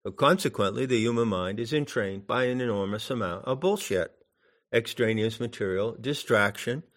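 A man giving a spoken meditation teaching in a deliberate, musing way, with long pauses between phrases. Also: medium pitch, fairly bright tone. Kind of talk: spoken dharma instruction.

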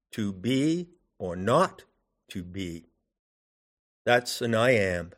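An older man lectures on poetic craft in a slow, deliberate way and holds on key words as he explains them. His voice sits fairly low. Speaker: teacher. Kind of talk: lecture on poetry.

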